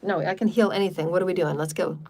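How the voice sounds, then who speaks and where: A woman's voice: fairly low pitch, fairly even intonation, fast talker, darkish tone, slight background noise. Woman healer repeating phrases. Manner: repeats words and phrases in runs; speaks in chanted syllables. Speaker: spiritual healer. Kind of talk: guided healing meditation and live chat. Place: home livestream.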